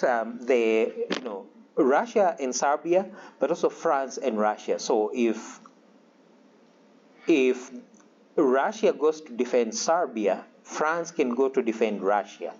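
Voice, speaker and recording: A man's voice: mid-range voice, darkish tone, dull audio. A man giving a loose, conversational history lecture, full of fillers and acted-out asides. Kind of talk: recorded classroom lecture.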